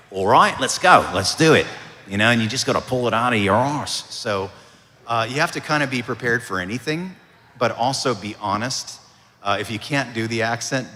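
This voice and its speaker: A man, a voice actor, answering audience questions at a convention panel in a relaxed, storytelling way. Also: lowish voice. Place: convention hall. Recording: reverberant convention hall.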